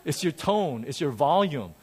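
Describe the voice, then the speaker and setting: Pastor guy preaching in church, kinda high voice, jokey and lively, repeats himself a lot. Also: moderate pace, breathy edge. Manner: animated, self-deprecating humor, repeats phrases. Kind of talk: sermon. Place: church sanctuary with a congregation.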